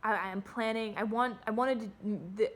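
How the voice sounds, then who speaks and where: A woman's voice: on the high side, steady tone, moderate pace, fairly bright tone. Young woman rambling into her phone. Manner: rambling and candid, swears freely, restarts often. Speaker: vlogger. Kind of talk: casual rambling monologue to camera. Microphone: phone camera.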